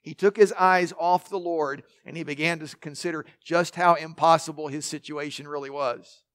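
High-voiced man preaching a sermon. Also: steady tone, normal speed, fairly bright tone, clear, resonant tone. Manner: conversational, with asides and light humor; repeats words when starting sentences. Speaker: pastor. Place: in front of a congregation.

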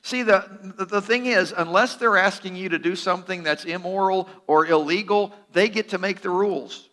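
Preaching a sermon, a pastor speaks in an earnest, direct way, mixing in teasing humor and repeating words for emphasis. His voice sits high and sounds pushed and bright.

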